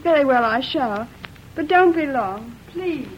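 A sweet young bride, really high voice, slow and doting, muffled old radio sound. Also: female voice, expressive, background noise.

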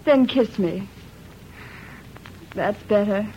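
An actress playing a sweet, affectionate young bride in an old radio drama, speaking in a doting, drawn-out way. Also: female voice, mid-range voice, mellow, a little hiss or hum. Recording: muffled old radio recording.

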